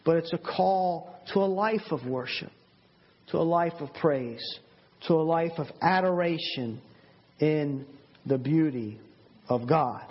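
A man preaching a sermon, earnest and emphatic, often repeating words and slowing down to stress them. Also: on the high side, breathy edge. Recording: dull lo-fi sermon audio.

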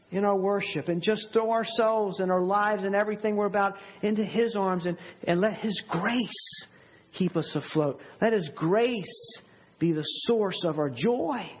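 A man preaching a sermon, earnest and emphatic, often repeating words and slowing down to stress them. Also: sits high, slightly rough. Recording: dull lo-fi sermon audio.

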